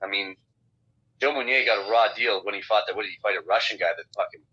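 A man's voice: on the low side, quick pace, slightly rough. A man, a professional fighter, talking bluntly and profanely in a casual phone interview. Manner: blunt, profane, animated storytelling. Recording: dull lo-fi phone call audio.

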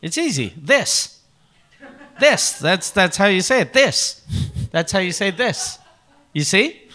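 A man's voice: expressive, moderate pace, bright, forceful tone. A man from improvising a campy, flamboyant male company president in a comedy sketch, teasing and theatrical. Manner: theatrical, teasing, swoops up high.

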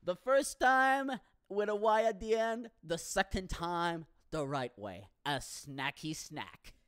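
A man in a profane comic rant, animated and swearing, with bursts of shouting. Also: high voice, slow pace, smooth, no room sound, clean studio sound.

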